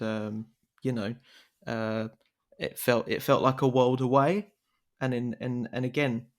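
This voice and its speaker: A man in his twenties being interviewed on a podcast, speaking modestly and haltingly. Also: mid-range voice. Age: 20s. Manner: modest and halting, with many fillers and restarts. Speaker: interview guest. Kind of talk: conversational interview.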